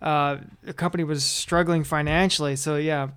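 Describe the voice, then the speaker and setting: A man's voice: fairly high pitch, steady tone, moderate pace, fairly bright tone, smooth. A man chatting casually on a podcast, a wry storyteller who acts out little quotes. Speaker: podcast co-host. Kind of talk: casual chat.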